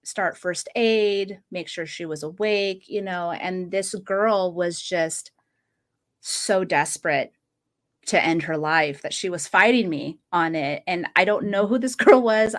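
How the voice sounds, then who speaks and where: Unhurried and a bit bright, with a fairly low pitch, this woman in her late thirties hosts a podcast. She talks earnestly in relaxed conversation, laughing briefly and often while recounting a story.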